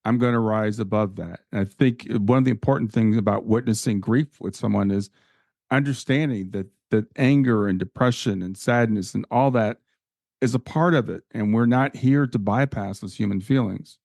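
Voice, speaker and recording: A man's voice: fairly low pitch, normal speed, gravelly, a little mellow, dry recording, clean studio sound. A man hosting a podcast interview, speaking earnestly and often restarting his sentences. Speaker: podcast host.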